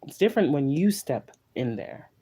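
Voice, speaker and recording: Mellow-voiced man giving a loose spiritual talk. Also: on the high side, sing-song, normal speed, breathy edge. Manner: loose, profane and repetitive, with chanted lists. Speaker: spiritual tarot reader. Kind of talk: casual spiritual pep talk.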